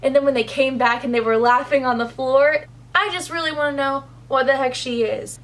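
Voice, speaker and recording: A woman reviewing a book in a casual vlog, gushing and excitable, with plenty of "like" fillers. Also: high-pitched, a little fast. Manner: gushing, excitable, says "like" a lot.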